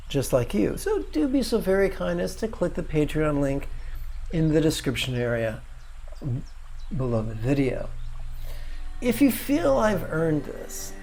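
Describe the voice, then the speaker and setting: A man's voice: fairly high pitch, a little mellow, slight background noise. A man teaching meditation in a video lesson, wry, with playful asides.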